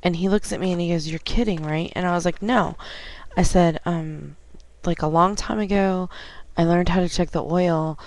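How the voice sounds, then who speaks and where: A woman with a low voice talks casually into a home webcam. She tells a story in an animated way, acts out each side of a conversation, and now and then coughs or clears her throat. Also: moderate pace. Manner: chatty, animated retelling with quoted dialogue. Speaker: vlogger.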